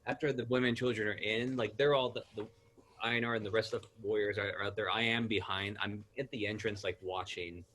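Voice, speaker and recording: A man at a tabletop game, quickly explaining what his character is doing. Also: fairly low pitch, fairly even intonation, a bit bright. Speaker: player. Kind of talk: casual game table chat.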